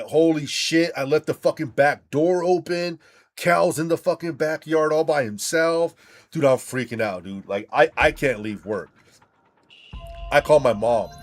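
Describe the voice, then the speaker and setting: A man hosting a gaming channel, chatting casually while he plays and telling stories in an excitable, profane way full of "dude". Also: medium pitch.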